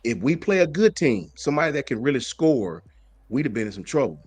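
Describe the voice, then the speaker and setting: A man hosts a casual sports talk show, calling out viewers and ranting in animated bursts. His voice sits in a middle pitch and comes through dry and close to the mic. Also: fairly quick, slightly rough, no room sound. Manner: animated, greets chat viewers, slangy.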